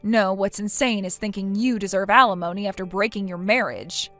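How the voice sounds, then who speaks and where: A woman's voice: mid-range voice, a little fast, fairly bright tone, faint music behind, natural voice. A woman voicing a blunt, lecturing female friend. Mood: stern. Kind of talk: text story narration.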